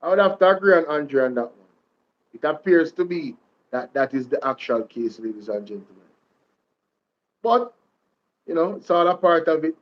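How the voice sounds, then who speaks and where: A Jamaican man hosts political commentary in a slightly high voice. He repeats his points and calls out to his viewers like a preacher. The sound is dull and lo-fi. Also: lively intonation, normal speed, long pauses, slight background noise. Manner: preacher-like, repeats lines, addresses viewers as "ladies and gentlemen" and "Jamaica". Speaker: commentary vlog host.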